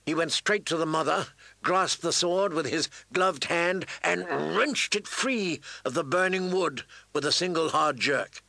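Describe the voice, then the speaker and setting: Slow, bright-voiced male narrator. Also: a little high, vocal fry, no room sound, poor audio. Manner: measured, deliberate. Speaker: audiobook narrator. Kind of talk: scripted narration.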